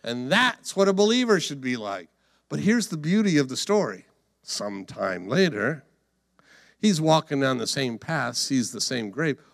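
A man's voice: medium pitch, big pitch swings, measured pace, vocal fry, fairly bright tone, dry recording, studio quality. A man preaching a dramatic sermon, acting out the story as he goes and humming bits of filler. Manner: dramatic, acts out the story, hums and sings filler.

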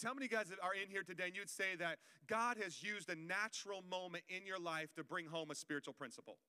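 With a high-pitched, pushed, bright voice that sounds clear and resonant, a male pastor delivers a joking, conversational sermon and calls out to his congregation. The church auditorium gives the recording a long hall reverb.

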